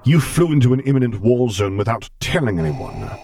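A man's voice: medium pitch, sing-song, brisk, mellow, pitched above the performer's own voice, natural voice. A man voicing a menacing, stern middle-aged Sith lord who speaks in clipped, formal commands.

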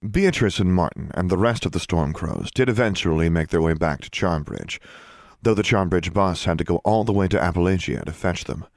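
A man reading a fantasy novel aloud as an audiobook narrator, measured and even. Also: sits low, creaky, no room sound, clean studio sound. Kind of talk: scripted narration.

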